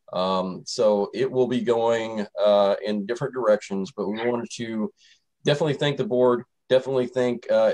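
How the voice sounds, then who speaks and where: Brief: lower-voiced male radio host, casual and rambling, lots of ums and uhs. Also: darkish tone, rough recording. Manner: rambling, loose, lots of fillers. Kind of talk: casual radio show chat.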